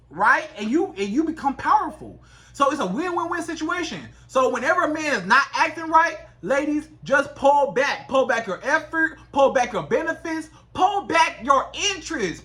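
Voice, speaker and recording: A woman relationship coach giving direct advice to women, animated and acting out quoted exchanges. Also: sits high.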